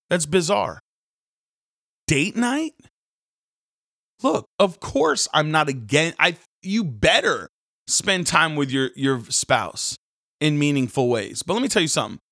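A man, a pastor hosting a daily devotional, preaching casually with sudden jumps into loud mocking voices. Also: on the high side, no echo, clean studio sound. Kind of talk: energetic devotional sermon.

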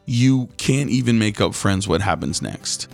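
In a fairly low, gravelly voice and a slightly slow pace, a man who hosts a podcast and preaches recounts a Bible story. His sermon style is casual, animated and slangy, with characters acted out in quotes, and soft music plays in the background.

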